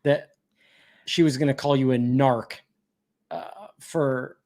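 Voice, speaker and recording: A man hosting a casual interview, reacting sympathetically in halting, restarting sentences. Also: medium pitch, vocal fry, darkish tone. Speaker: podcast host.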